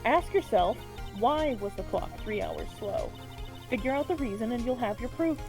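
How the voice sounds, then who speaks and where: A woman's voice: on the high side, expressive, normal speed, over music. A woman voicing a firm mentor lawyer. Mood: urgent. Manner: coaching, insistent urging.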